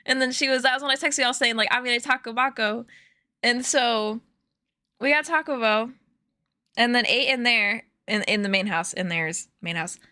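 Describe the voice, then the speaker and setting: A woman's voice: fairly high pitch, moderate pace, bright, forceful tone, no room sound, clean studio sound. A young woman streaming from home, chatting casually to her viewers in a rambling way with lots of fillers. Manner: chatty, rambling storytelling with many fillers and laughs. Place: home room.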